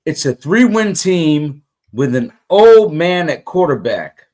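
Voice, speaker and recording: A man co-hosting a casual sports talk show, ranting heatedly about his team. His voice sits a little high for a man. He stumbles over restarts and repeats himself, driving each point home. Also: very animated, slow, darkish tone. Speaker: podcast co-host.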